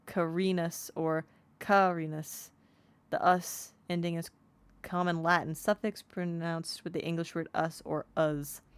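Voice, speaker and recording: A woman's voice: on the low side, clean tone. A woman streaming a game, chatting casually and reading in-game text aloud, sounding out unfamiliar words as she goes.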